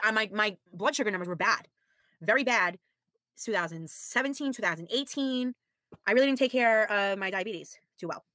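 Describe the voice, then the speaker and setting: A woman's voice: mid-range voice, sharp tone, no room sound, studio quality. A woman in her thirties streaming live, sounding tired and weary, talking frankly with sighs while reading out viewer comments in casual chat. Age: 30s. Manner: frank, blunt, sighing, with mild swearing. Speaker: livestreamer.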